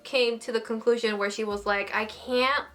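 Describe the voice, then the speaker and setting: A young woman reviewing an anime episode in casual, animated chat, swearing now and then. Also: a little high, a little fast.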